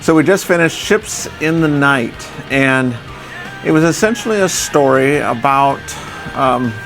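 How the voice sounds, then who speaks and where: A man's voice: mid-range voice, expressive, measured pace, fairly bright tone, soft background music. A man vlogging aboard a cruise ship, chatty and upbeat, talking straight to viewers as folks. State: out of breath. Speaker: travel vlogger. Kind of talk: casual vlog chat.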